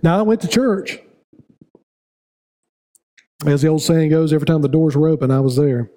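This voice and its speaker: A man's voice: fairly high pitch, animated, normal speed, warm tone. A middle-aged man preaching a sermon as pastor, building to raised, repetitive appeals to his congregation. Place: church sanctuary.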